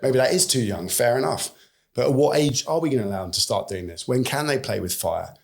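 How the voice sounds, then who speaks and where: British guest in his forties, gravelly mid-range voice, lively storyteller who slips into quoted voices. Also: mid-range voice, a little fast. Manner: animated storyteller who acts out quoted dialogue. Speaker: podcast guest. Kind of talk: conversational podcast interview.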